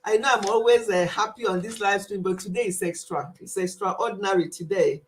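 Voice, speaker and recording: A woman hosting a live stream, greeting viewers with excitement and leading an earnest prayer. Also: medium pitch, fairly quick.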